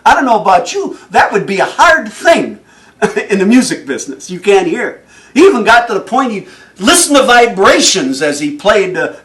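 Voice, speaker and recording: A man giving a motivational speech, telling stories in an animated way and chuckling often. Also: sits high, recorded from a distance. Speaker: motivational speaker.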